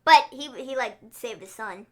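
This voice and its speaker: A woman co-hosting a show in casual chat, giggly and animated, often stopping and restarting her sentences. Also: sits high, moderate pace. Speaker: co-host of a wrestling recap show.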